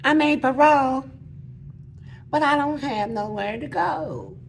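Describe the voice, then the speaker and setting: Squeaky, soft baby-voiced tiny man, put on by a man telling a story. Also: unhurried, gravelly, slight background noise, full character voice, rough recording. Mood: meek. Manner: soft, small and pleading.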